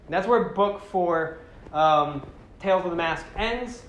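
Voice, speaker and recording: A woman giving a rambling, animated casual talk to a live audience, often slipping into character voices. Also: fairly low pitch, unhurried, reverberant, slight background noise. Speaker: presenter.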